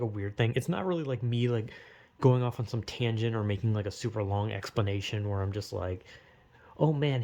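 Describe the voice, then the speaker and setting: A man's voice: medium pitch, creaky, a little mellow. A man talking straight to the camera in a rambling vlog, full of fillers, swearing and self-deprecating rhetorical questions. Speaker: vlogger. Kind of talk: rambling casual monologue.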